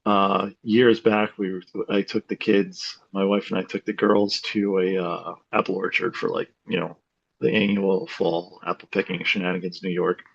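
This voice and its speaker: Gravelly-voiced man, animated storyteller on a dull lo-fi call line. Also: low voice, moderate pace. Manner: animated storyteller, swears, laughs at own story. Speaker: group member. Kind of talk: casual storytelling.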